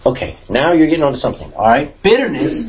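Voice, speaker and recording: A man's voice: fairly high pitch, fast talker. A man teaching a Bible class as pastor, asking the class questions and stressing points in a conversational way. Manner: asks the class questions, lively emphatic delivery. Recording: dull lo-fi recording.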